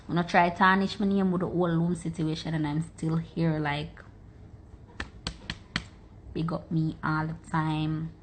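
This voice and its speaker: A woman's voice: mid-range voice, a bit bright, slight background noise. A woman with a Jamaican accent, telling her own story on an Instagram live through a phone mic, stressing points by repeating words. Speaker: social media personality.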